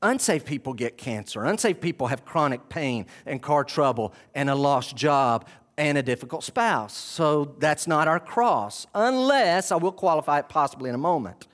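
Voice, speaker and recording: Animated preacher man. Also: on the high side, normal speed. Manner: animated preaching with questions to the congregation. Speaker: pastor. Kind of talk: sermon. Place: church sanctuary with congregation.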